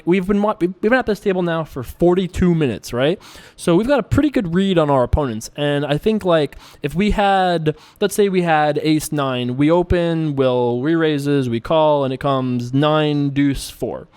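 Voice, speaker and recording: Chatty young man with a smooth voice. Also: on the high side, a little mellow. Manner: chatty, joking, self-mocking. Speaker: poker player and show host. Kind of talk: casual commentary while playing online poker.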